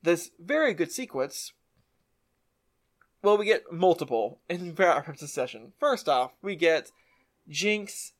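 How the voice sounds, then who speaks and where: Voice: mid-range voice, expressive, slow, long pauses. A podcast co-host casually recapping a show, retelling scenes with enthusiasm. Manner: enthusiastic retelling with quoted voices.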